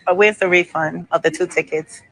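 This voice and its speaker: Upset woman ranting into her phone at the airport, sharp questions, sometimes drifts off mic. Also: fairly low pitch, fairly even intonation, brisk, slight background noise, rough recording. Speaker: vlogger. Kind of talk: filming herself in a casual rant.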